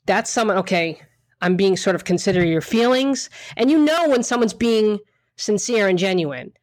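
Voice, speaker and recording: A woman's voice: mid-range voice, lively intonation, normal speed, no room sound, clean studio sound. A woman co-hosting a casual chat, talking frankly and emphatically with some swearing and lots of restarts. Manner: emphatic, frank, mildly profane, rambling with restarts.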